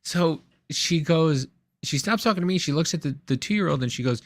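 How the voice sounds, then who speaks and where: A man co-hosting a podcast, telling a rambling, animated anecdote in casual chat. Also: a little high, normal speed, long pauses, dry recording, clean studio sound. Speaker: podcast co-host.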